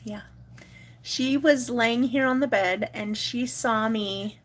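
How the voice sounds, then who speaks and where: Slow-talking chatty woman vlogger. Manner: chatty, talks to dog in high baby voice. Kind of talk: casual chat to viewers.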